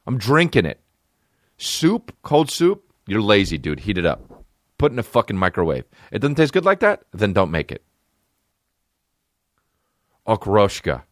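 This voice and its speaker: Low-voiced guy doing a comedy podcast rant, swings his pitch all over, loud and profane, dry close sound. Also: unhurried, pauses often, no echo. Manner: loud, profane, animated, jumps into high mocking pitch. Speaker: podcast host.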